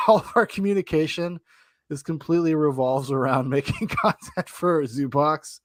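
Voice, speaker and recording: A man's voice: fairly high pitch, normal speed, no room sound, studio quality. An American man hosting a podcast, joking and rambling in casual chat. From United States. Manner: jokey, rambling, laughs often.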